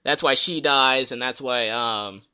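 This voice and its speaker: Podcast host, male, bright and forceful tone, chatty storyteller who mimics game characters. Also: medium pitch, unhurried, smooth. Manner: rambling storyteller, acts out game characters' lines. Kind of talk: casual gaming chat.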